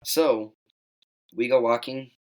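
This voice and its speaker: A man's voice: takes it slowly, low-quality recording. A teenage young man telling a hunting story in casual chat, acting out the quoted lines in a raised voice. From Wyoming. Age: teens. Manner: animated, acts out quoted dialogue in higher voice. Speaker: guest hunter.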